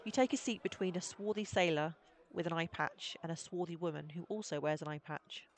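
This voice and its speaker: A woman's voice: lowish voice, brisk. Wry woman streaming a story game. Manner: wry, laughing asides on the game text. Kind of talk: live game stream, reading and commenting.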